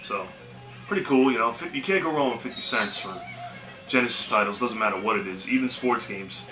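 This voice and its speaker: A man talks a little fast in a medium-pitched voice, casually rambling about yard sales for his video game collecting vlog. His style is laid-back, heavy on "man" and "you know." Faint music sits behind him in an echoey room.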